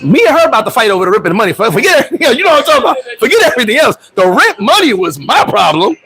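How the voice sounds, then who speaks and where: A man hosting a casual livestream, telling stories in a profane, animated way, with loud outbursts, and answering viewer comments. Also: very high voice, rapid-fire, few pauses, low-quality recording. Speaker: livestream host.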